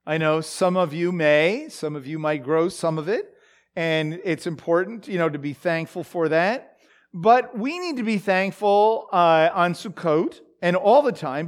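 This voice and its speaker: Male Bible teacher, high voice, slow deliberate delivery, halting with fillers. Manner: halting, many fillers and restarts. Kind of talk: sermon-style Bible teaching.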